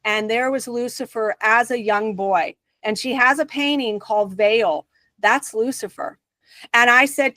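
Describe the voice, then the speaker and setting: A woman's voice: a little high, a little slow, pushed and bright, no echo. Earnest woman telling a spiritual story. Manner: earnest, emphatic personal testimony. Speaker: guest.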